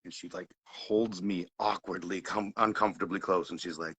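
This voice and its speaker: Male host, casual storyteller, bright lowish voice, animated delivery, jumps loud to hushed. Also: normal speed, slightly rough, rough recording. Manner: animated, swings loud and quiet, laughs often. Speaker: podcast host.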